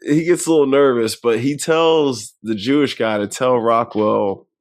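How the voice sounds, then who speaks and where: A man's voice: medium pitch, unhurried, no room sound. Male podcast co-host, casual and profane, acts out scenes while recapping; dry, close recording. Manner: animated retelling, acts out characters' lines. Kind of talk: casual film review chat.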